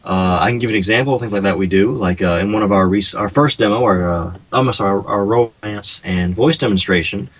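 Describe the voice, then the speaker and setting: A man with a fairly low voice chats easily as a guest on a radio show. He talks at length about his project, restarting phrases here and there as he goes. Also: brisk, hardly any pauses, breathy edge, low-quality recording. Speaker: game developer guest. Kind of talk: casual radio interview.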